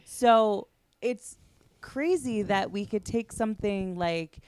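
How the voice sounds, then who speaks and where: Woman, podcast host, mid pitch, clear smooth voice, casual agreeable chat. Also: a little mellow, no echo. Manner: agreeable, chatty, quick to back up the guest.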